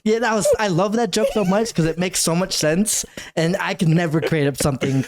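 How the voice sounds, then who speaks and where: Young man, podcast co-host, fairly high voice, teasing, casual banter. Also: brisk. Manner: teasing, playfully flattering, laughs often. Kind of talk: casual chat.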